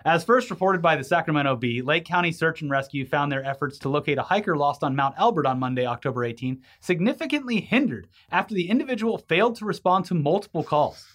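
A man's voice: fairly high pitch, expressive, fast, hardly any pauses, fairly bright tone. A man co-hosting a casual news chat, rambling and laughing easily as he reads out stories. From California. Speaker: podcast co-host.

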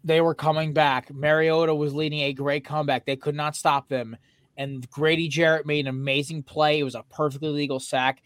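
Young guy on a sports podcast, gets heated and swears a lot, higher voice, dry sound. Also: flat delivery, fairly quick, a bit bright, no echo. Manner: heated, profane ranting. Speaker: podcast co-host. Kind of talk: casual sports chat.

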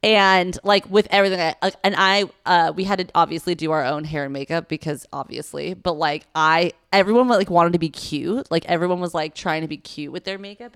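A woman's voice: on the low side, fairly quick, hardly any pauses, clear, resonant tone, no echo, clean studio sound. A young woman co-hosting a podcast, telling a rambling, profane story and acting out the quotes she tells. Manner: rambling, profane, animated retelling with acted quotes. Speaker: podcast co-host. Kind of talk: casual storytelling chat.

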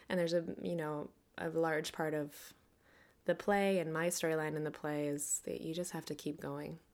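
A woman hosting a podcast, talking earnestly and reflectively, now and then laughing softly. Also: sits low. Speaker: podcast host. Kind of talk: personal monologue.

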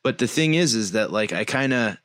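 A man in his forties co-hosts a podcast in easy, rambling chat, his voice low-pitched and smooth. The sound is dry and close. He wanders through stories with fillers and restarts. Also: animated, brisk, fairly bright tone, no echo. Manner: rambling storyteller, frequent fillers. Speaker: podcast co-host. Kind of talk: casual chat.

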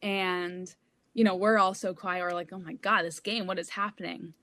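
A woman's voice: on the low side, fairly even intonation, moderate pace, a bit bright, a little hiss or hum. A young woman co-hosting a casual sports podcast, telling a family story in a chatty way. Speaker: podcast co-host.

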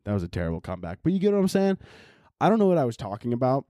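A young man rants through his solo podcast, swearing often and wandering off topic as he vents. His voice sits at an ordinary middle pitch. The recording is dry, with no room echo. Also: very animated, very fast, warm tone. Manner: profane, exasperated, rambling. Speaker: podcast host. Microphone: laptop and camera audio.

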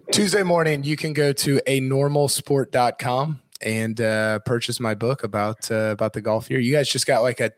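Hoarse man, podcast co-host, dry close sound, eager rambling chat. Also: mid-range voice, normal speed, no room sound. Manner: eager, rambling, many restarts.

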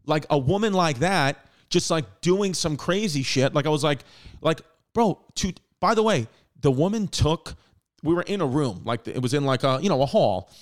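A man hosting a podcast, telling a story in a rambling, animated way, swearing often and acting out what people said. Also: fairly high pitch, normal speed. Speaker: podcast host. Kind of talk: casual storytelling.

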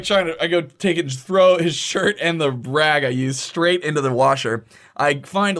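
A man in his thirties with a fairly high-pitched voice, chatting on a podcast. He tells his story casually and with lots of animation. He acts out the voices he quotes and swears without a second thought. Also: fairly bright tone. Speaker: podcast co-host. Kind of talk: casual storytelling among friends.

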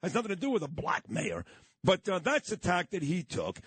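Lively, husky-voiced male radio host. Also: high voice, moderate pace, dry recording. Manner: lively, blunt interviewer. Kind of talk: radio talk show hosting. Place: radio studio.

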